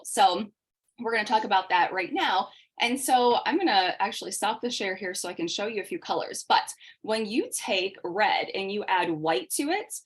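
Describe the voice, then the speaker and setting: Fast-talking woman teaching a makeup class. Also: medium pitch. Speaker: makeup instructor. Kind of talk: online class presentation.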